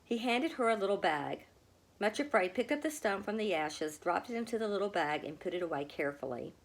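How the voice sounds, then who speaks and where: A woman reading a children's storybook aloud, with a gentle, expressive manner. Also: mid-range voice, fairly quick, gravelly. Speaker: storybook reader. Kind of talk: storybook read-aloud narration.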